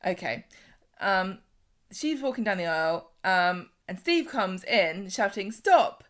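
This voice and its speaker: A woman's voice: mid-range voice, expressive, measured pace, a bit bright. A woman co-hosting a podcast, chatting casually as she recaps a soap opera and acts out the characters' lines. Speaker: podcast co-host.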